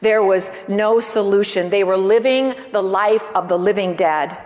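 A woman pastor preaches with earnest emphasis, her voice sitting at an ordinary middle pitch. She poses rhetorical questions to her listeners, and her words ring out with a long reverb in a church hall. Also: unhurried, darkish tone. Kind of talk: sermon.

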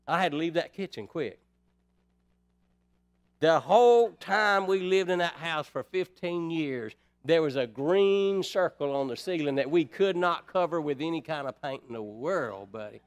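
A man's voice: fairly high pitch, expressive, unhurried. A man preaching a sermon in a folksy way, putting rhetorical questions to the congregation.

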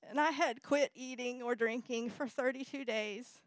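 A woman giving a personal testimony to an audience, earnest and halting, correcting herself and apologizing as she talks. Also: a little high, no room sound. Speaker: speaker sharing personal testimony. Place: presentation with slides in front of an audience.

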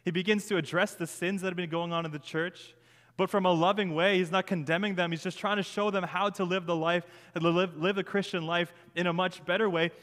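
A man's voice: high voice, a bit bright, big-room sound. A young man preaching a sermon as pastor, earnest and prone to repeating words as he builds a point.

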